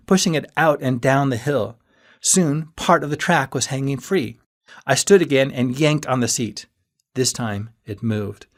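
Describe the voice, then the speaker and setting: A man reading a first-person audiobook in a steady storytelling manner that rises with moments of tension. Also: medium pitch. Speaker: audiobook narrator.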